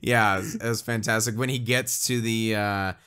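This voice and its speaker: A man co-hosts a casual movie review chat in a lowish, bright, resonant voice. He rambles, breaks off and restarts his sentences, and laughs often as he talks. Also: steady tone, normal speed, clean tone.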